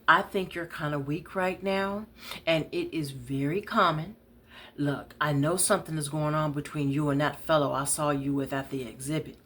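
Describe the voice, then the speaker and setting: A woman voicing a loud, blunt woman friend who scolds in a high, brassy voice. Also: normal speed, slight background noise. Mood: scolding.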